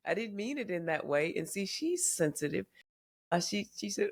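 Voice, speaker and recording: A woman's voice: medium pitch, very animated, normal speed, creaky. Candid older woman telling family stories. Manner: candid storyteller who acts out quoted family members. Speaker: memoir author guest. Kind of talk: podcast interview storytelling.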